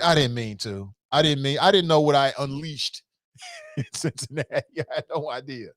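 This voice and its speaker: Man, talk show host, casual story, lively pitch, dry close sound. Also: fairly quick, no echo. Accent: American. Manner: animated, jokey, acts out quotes with voices.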